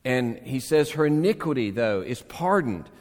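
A man preaching a sermon as pastor, animated, swinging between emphatic calls and hushed tender passages. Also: medium pitch, normal speed, in a large hall. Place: church sanctuary.

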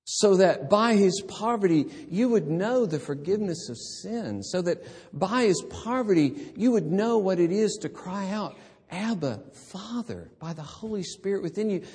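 Man preaching slow, goes from hushed to loud, long hall reverb. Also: sits high, animated, breathy edge. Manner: slow, dramatic swings between hushed and loud. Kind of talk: sermon.

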